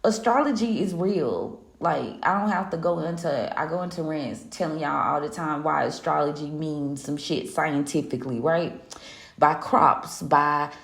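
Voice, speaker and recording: A woman's voice: deep voice, measured pace, gravelly, echoey room. A woman hosting a live spiritual reading, ranting casually in a sassy, profane way and laughing often. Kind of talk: casual live-stream rant.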